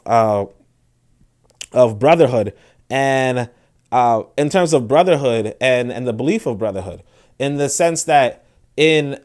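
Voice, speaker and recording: A man's voice: medium pitch, a little mellow. A man hosting a casual livestream, speaking to viewers in a rambling, conversational way, with frequent restarts and asides. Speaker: host.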